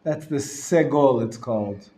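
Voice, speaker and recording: A male rabbi teaching a live class, explaining patiently and sounding words out slowly, often clearing his throat and chuckling. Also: mid-range voice, warm tone, a little hiss or hum. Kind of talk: live classroom lesson on Hebrew reading. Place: lecture room. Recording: roomy echo from a live class.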